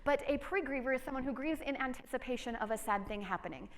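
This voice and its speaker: A woman in her forties giving a conference workshop talk, telling stories in a lively, conversational way with asides to her audience. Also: high voice, fast talker. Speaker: workshop presenter. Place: conference room with a seated audience.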